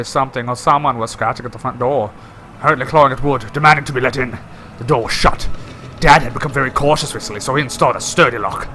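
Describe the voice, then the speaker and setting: A young man reading a horror game's text aloud in a theatrical way, with quick joking asides. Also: medium pitch, bright, forceful tone, a little hiss or hum. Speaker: gaming video creator.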